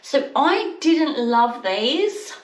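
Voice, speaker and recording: A woman chatting casually in a haul vlog, rambling with quick asides. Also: high voice, big pitch swings, far from the mic. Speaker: haul vlogger. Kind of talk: casual chat. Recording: echoey room, mic set back.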